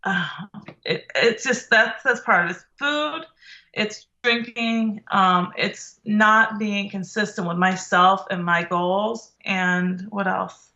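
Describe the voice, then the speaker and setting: A middle-aged woman tells a personal story as a podcast guest. She acts out what people said and restarts her sentences as she goes. Her voice is bright and forceful, and the recording sounds dull and lo-fi. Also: mid-range voice. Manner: animated, acts out quoted dialogue, halting restarts.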